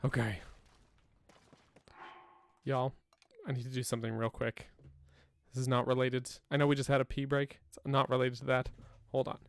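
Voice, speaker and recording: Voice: medium pitch, little pitch movement, moderate pace, creaky, pauses often. A streamer chatting casually during a live game stream at home, laughing often and talking to both the chat and a pet cat. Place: home room.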